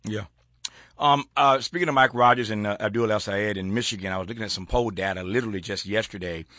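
A man's voice: fairly low pitch, fast talker, pushed and bright, dry recording, studio quality. A man hosting a political talk show, reading from a column and chuckling as he riffs on it. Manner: reads aloud then riffs, folksy and chuckling. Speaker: host.

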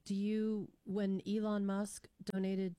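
A woman's voice: medium pitch, little pitch movement, takes it slowly, mellow, clear, resonant tone, no echo. A female radio host patiently steering a caller back to her question. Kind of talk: call-in radio chat.

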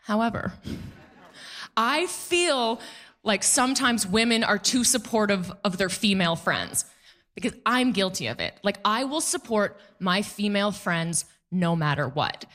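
A woman in her thirties doing a stand-up comedy set on a club stage, animated and laughing at her own jokes as she talks to the crowd. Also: medium pitch, measured pace.

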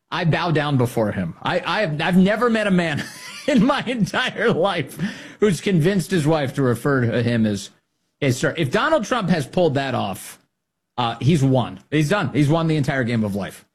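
A man's voice: fairly high pitch, slightly rough. A man hosting a political podcast, talking casually and mockingly with frequent laughs. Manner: mocking, laughs often, quick asides.

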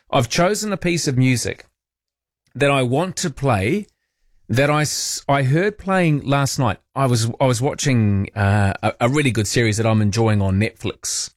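A man's voice: medium pitch, animated, moderate pace, no echo, clean studio sound. A man hosting talkback radio, chatty and teasing, poking fun at himself. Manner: chatty, teasing, self-mocking. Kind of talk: casual talkback chat.

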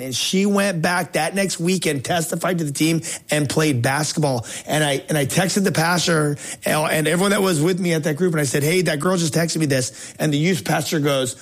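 Dude host on a faith show, talking fast and excited, lots of restarts and slang, casual storytelling. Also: male voice, a little high. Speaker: talk show host and evangelist.

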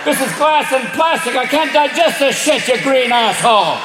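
A man's voice: extremely high pitch, lively intonation, normal speed, noisy background, voice pushed up. A man doing an angry Irish-sounding raccoon. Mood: indignant rant. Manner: indignant, cursing. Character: brash, foul-mouthed raccoon with an Irish lilt. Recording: roomy live venue with loud crowd.

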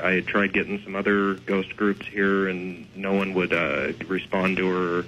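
A man with a low but bright, forceful voice explains his methods as a radio guest. The sound is dull and lo-fi, with a faint hiss behind him. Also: little pitch movement, normal speed, hardly any pauses. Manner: explanatory, loose with fillers. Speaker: ghost investigator guest. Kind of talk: radio interview.

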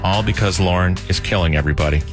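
A man's voice: sits low, fast, music in the background. A man hosting a morning radio show, reading listener texts and teasing his co-workers in upbeat banter. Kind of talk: casual morning radio chat. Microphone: studio microphone.

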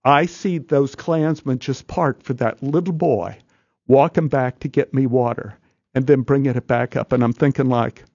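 A man as a studio guest telling a story in an animated way, restarting phrases and acting out the people in it. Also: medium pitch, no echo, highs cut off. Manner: halting, restarts phrases, acts out quoted voices.

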